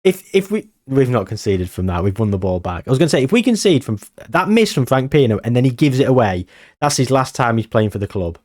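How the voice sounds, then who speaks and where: A man giving excitable, nervous live commentary on a game he is playing. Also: medium pitch, fast talker. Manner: excitable, nervous, reacting loudly to match moments. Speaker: gaming channel host.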